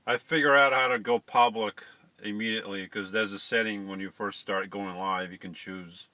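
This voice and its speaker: A man's voice: lowish voice, steady tone, normal speed, sharp tone, no room sound. A middle-aged man hosting a casual live stream, chatting to viewers and fumbling with settings.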